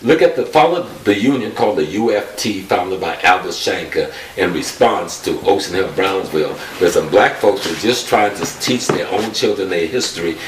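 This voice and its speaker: A man's voice: sits low, expressive, moderate pace, hardly any pauses. A man talking earnestly, explaining a point. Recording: distant echoey room with hiss.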